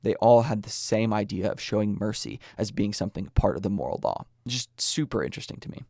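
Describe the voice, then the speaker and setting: Low-voiced American man explaining earnestly. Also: expressive, a little fast, vocal fry, warm tone, dry recording, clean studio sound. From United States. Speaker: podcast host. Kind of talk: scripted explanatory talk.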